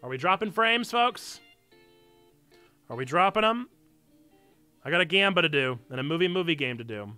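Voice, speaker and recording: A man's voice: a little high, expressive, normal speed, pauses often, pushed and bright, clean tone, faint music behind. A man hosting a casual live stream, chatting playfully with viewers and poking fun at himself. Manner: playful, self-mocking, chatty asides to chat. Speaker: streamer and church community host. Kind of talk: casual live-stream chat with reading aloud.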